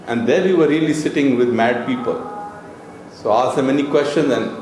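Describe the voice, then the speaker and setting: A man giving a casual, playful spiritual talk, laughing and clearing his throat often. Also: mid-range voice, fairly quick, a little mellow, a little hiss or hum. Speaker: spiritual teacher. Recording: very echoey room with music behind. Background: music.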